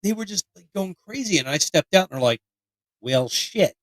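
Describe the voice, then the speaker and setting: A man in his late twenties from Pennsylvania, swapping stories on a podcast. He talks in a profane, animated way and slips into mock voices. His voice sits a bit high and sounds dry and close to the mic. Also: quick pace, dry recording, low-quality recording. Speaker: podcast co-host. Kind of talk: casual storytelling chat.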